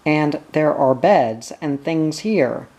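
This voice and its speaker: A slow-paced reader voicing a boy who is earnest, worried, and urgent in an audiobook. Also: medium pitch, lively intonation, dark tone. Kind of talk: audiobook character reading.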